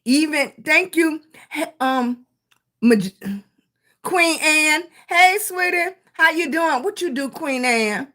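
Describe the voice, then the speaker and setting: A middle-aged Southern woman hosts a casual live stream, talking in a high, bright voice. She takes her time, greets viewers by name with "sweetie" and "baby," and cheers them on to keep going. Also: slow pace. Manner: warm greetings to chat viewers, with terms of endearment; encouraging, motivational. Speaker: livestream host.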